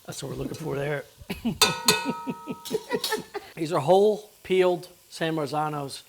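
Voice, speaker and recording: A man's voice: a little high, unhurried, vocal fry, very noisy. A man hosting a cooking show, explaining each step in a casual, crude, joking way from a kitchen.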